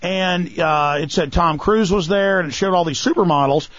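A man with a high voice talks fast and heatedly on a radio show, sarcastic and mocking. The sound is dry and a little dull, like lo-fi broadcast audio. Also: fairly bright tone, no room sound. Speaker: radio talk show host.

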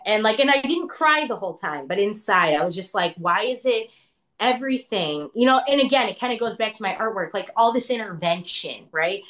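A woman's voice: medium pitch, lively intonation, a little fast, fairly bright tone. Woman, interview guest, casual storyteller: conversational, loose, quotes others in their own words. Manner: chatty, full of "like", acts out what others said.

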